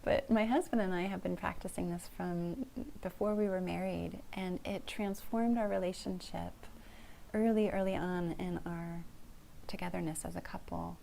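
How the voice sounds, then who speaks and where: A middle-aged woman therapist calmly teaching a couples communication skill, gentle and encouraging, often dropping to a soft whisper. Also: on the low side, moderate pace, creaky, a little hiss or hum. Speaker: family therapist.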